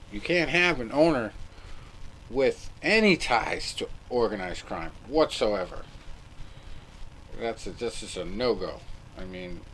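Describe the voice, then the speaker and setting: A man with a low voice hosts a podcast in loose, rambling conversation. He laughs easily and swears without fuss. There is faint noise in the background. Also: fairly bright tone, rough recording. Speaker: podcast host. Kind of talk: casual chat.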